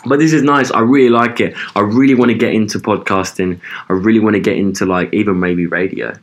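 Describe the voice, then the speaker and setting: A man's voice: lowish voice, steady tone, quick pace. A young man co-hosting a podcast in loose casual chat, rambling with lots of ums and swearing. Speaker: podcast co-host.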